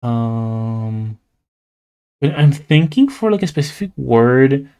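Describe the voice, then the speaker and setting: A man's voice: mid-range voice, animated, takes it slowly, mellow, smooth. A young man from Latin America with a Latin American Spanish accent, chatting casually and playfully on a livestream while he draws, rambling with lots of "like". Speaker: streamer and artist.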